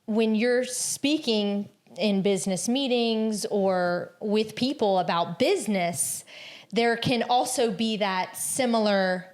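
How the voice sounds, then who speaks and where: A woman with a Southern US accent from Georgia, co-hosting a casual podcast chat, chatty and quick to laugh. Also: mid-range voice, darkish tone. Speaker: podcast co-host. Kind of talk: casual conversation.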